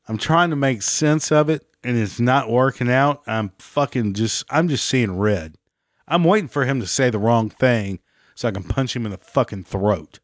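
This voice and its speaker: A man tells his story in a heated, profanity-laced rant, still angry long after the fact. His voice sits mid-range but jumps higher as he relives it. The sound is dry and close, with no room around it. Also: moderate pace, no echo. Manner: heated, heavy swearing, rising pitch when agitated. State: still angry about the event.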